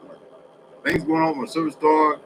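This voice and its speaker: A man's voice: a little high, level tone, moderate pace, background noise. A man in a casual, rambling monologue for social media, telling streetwise stories with lots of cursing. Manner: profane, rambling, streetwise storytelling.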